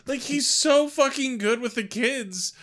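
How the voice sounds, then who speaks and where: A man co-hosting a podcast, recapping an episode excitedly, swearing and laughing often. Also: very high voice, measured pace. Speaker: podcast co-host. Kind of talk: casual recap chat.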